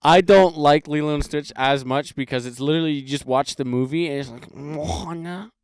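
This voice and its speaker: A man's voice: a little high, brisk, smooth, dry recording, studio quality. A young man co-hosting a podcast, teasing and blunt in offhand casual banter. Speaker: podcast co-host.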